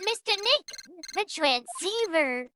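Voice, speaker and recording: A woman's voice: very high voice, very animated, takes it slowly, noisy background, pitched above the performer's own voice, heavily acted. A woman voicing an earnest, anxious little girl in a video game playthrough. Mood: urgent. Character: sweet worried little girl.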